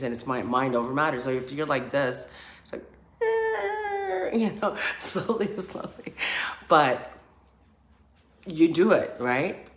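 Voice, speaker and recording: A woman recounts her own experience in relaxed, chatty storytelling, full of "like" and "you know", and acts out the sounds she heard. Her voice carries a noticeable echo from a roomy space. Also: a bass voice. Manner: animated, acts out screams and chants, many fillers. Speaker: spiritual healer sharing her story. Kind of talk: casual personal storytelling.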